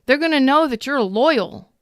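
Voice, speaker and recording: A woman's voice: sits high, animated, moderate pace, no room sound, clean studio sound. Emphatic, repetitive woman tarot reader. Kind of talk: casual spoken tarot reading.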